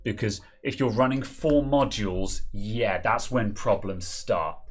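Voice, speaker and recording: Laid-back low-voiced man chatting about tech. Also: a little slow. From United Kingdom. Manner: rambling, filler-heavy, laid-back. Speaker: co-host of a tech repair stream. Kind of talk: casual chat.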